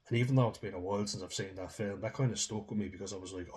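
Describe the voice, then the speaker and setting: A man's voice: fairly low pitch, racing, hardly any pauses, a little mellow. A man giving rambling, chatty commentary on a true crime story, often reading passages aloud. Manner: rambling and chatty, with laughs and restarts.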